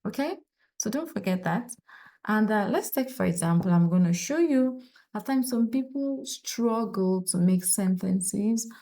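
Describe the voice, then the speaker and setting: Woman teacher for an online French lesson, mellow voice, patient, repeats examples slowly. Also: mid-range voice, lively intonation.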